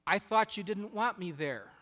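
A man playing a shy farm boy, stammering, hesitant, higher voice, hall echo. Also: expressive, normal speed, bright, forceful tone. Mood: timid. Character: timid young farm boy, shy and wary.

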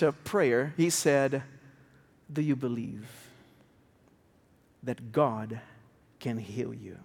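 High-voiced man preaching in a reverberant hall. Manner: emotional, swings from hushed to raised. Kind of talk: sermon storytelling.

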